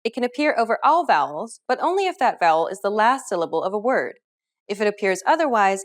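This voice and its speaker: Woman, scripted lesson narrator, clear and instructive, animated delivery. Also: on the high side. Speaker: language teacher.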